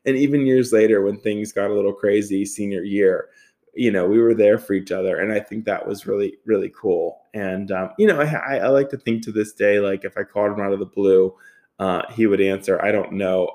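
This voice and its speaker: Laughing, rambling podcast host. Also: male voice, fairly low pitch, fairly even intonation, brisk, dark tone. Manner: swearing, laughing, rambling with lots of "like". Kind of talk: casual storytelling monologue.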